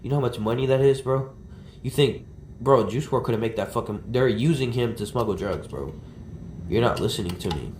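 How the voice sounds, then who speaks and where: A man's voice: medium pitch, brisk, a little mellow, a little hiss or hum. A man livestreaming outdoors, ranting in a rambling, agitated and profane way. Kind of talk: ranting IRL stream talk. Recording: roomy, from the mic, faint ambience.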